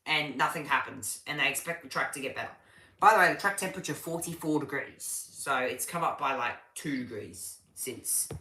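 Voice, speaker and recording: A man giving casual live commentary on a race session, chatty and halting, often restarting sentences as he reads viewer questions. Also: on the high side, bright, forceful tone, roomy sound. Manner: chatty and halting, with frequent restarts while reading chat.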